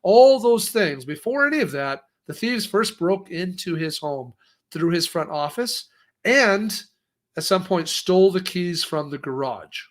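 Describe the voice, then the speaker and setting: A man co-hosting a casual news commentary, talking in a lively way and restarting his sentences often. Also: high-pitched, unhurried. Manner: lively, acts out quotes, frequent restarts. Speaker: co-host.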